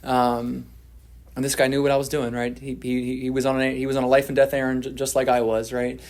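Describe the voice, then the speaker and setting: A man's voice: mid-range voice, little pitch movement, a little fast, darkish tone. A man telling his story at a twelve-step recovery meeting, candid and self-deprecating, often restarting his sentences.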